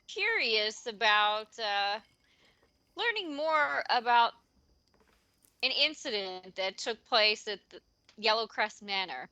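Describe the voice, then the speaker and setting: Slow, bright-voiced woman player. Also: a little high, expressive, dry recording. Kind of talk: in-character tabletop play.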